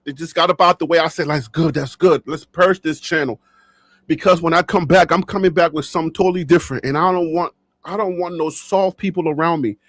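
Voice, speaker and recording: A man's voice: fairly high pitch, fairly even intonation, fast, a bit bright, no room sound. A man vlogging for his sports channel, talking casually and animatedly to his viewers, joking, laughing often and repeating himself as he vents. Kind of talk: casual talk to camera. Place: his own studio.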